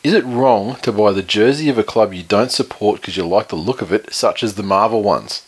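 A man's voice: lowish voice, fairly quick, breathy edge. A man co-hosting a sports podcast, rambling and sweary in casual chat. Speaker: podcast co-host.

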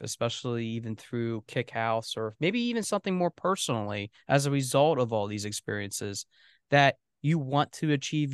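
A man's voice: mid-range voice, clean tone, dry recording, studio quality. A man hosting an interview podcast, asking long, earnest questions. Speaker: podcast host.

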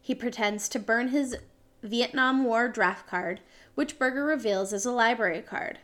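A woman's voice: on the high side, moderate pace, fairly bright tone. A woman co-hosting a podcast, reading out a show synopsis from a script with small slips and self-corrections. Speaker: podcast co-host.

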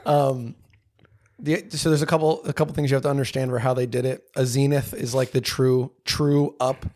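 Medium-pitched, level and darkish in tone, this young podcast co-host explains things in casual conversation. He's halting, full of fillers and restarts as he searches for the right words.

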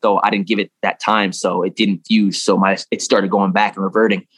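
Fast-talking young man, casual and profane. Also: on the low side, flat delivery, a bit bright, no room sound. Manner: rambling, profane, laughs through story. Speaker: guest. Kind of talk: casual storytelling interview.

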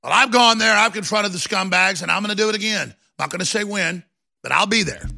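A man hosting a talk radio show, ranting and fiery, often bursting into shouts as he takes calls. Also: high voice, a little fast, gravelly, no echo.

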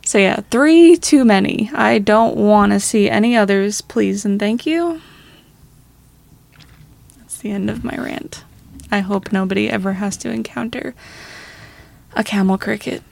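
A woman's voice: mid-range voice, a little slow, vocal fry, long pauses, darkish tone. A young woman co-hosting a podcast, telling a story in casual chat. She rambles, swears a lot and laughs between phrases. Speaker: podcast co-host.

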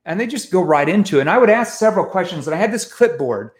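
Animated man telling sales stories. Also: high-pitched, fast. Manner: animated, self-mocking anecdotes with many restarts. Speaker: interview guest, sales trainer. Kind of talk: storytelling in a casual interview.

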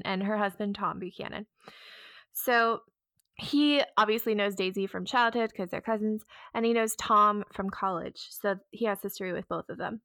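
Young woman podcast co-host, relaxed and joking, many fillers, mid-range voice, dry close sound. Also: mid-range voice, no room sound. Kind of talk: casual plot summary.

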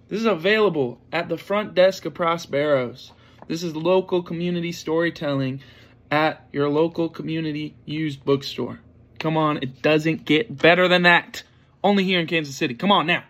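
A man's voice: on the high side, moderate pace, fairly bright tone. Hyped-up man plugging his podcast. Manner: playful, hypey, loose and profane. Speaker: podcast host. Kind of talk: casual promo chat to camera. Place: indoor room with a planning board behind.

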